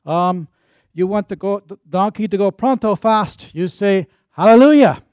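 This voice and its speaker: A man's voice: high-pitched, expressive, moderate pace, a little mellow, clean tone, dry recording, clean studio sound, pitched above the performer's own voice. A man playing an eager village donkey renter. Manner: broken English, sing-song instructions. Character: helpful male village local renting donkeys.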